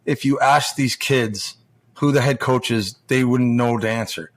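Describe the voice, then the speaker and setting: A man's voice: medium pitch, unhurried, crowd noise. A man in his forties, a former pro hockey player now coaching juniors, telling stories as a podcast guest in a loose, rambling, profane way and acting out quoted dialogue. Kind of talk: casual storytelling chat.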